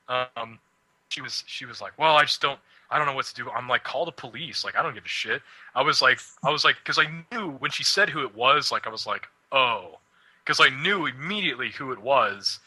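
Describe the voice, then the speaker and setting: Casting: young male co-host, very bright tone, close dry mic, loose swearing ramble. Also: mid-range voice, dry recording, low-quality recording. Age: young adult. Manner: rambling, swears a lot, laughs often. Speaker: radio show host. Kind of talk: casual chat.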